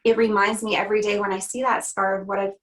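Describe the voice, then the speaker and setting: A woman speaks earnestly as an interview guest. She tells a personal story in a heartfelt way, in a middle-pitched voice, often pausing on "you know" and "um". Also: level tone, poor audio. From Canada. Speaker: guest, country singer.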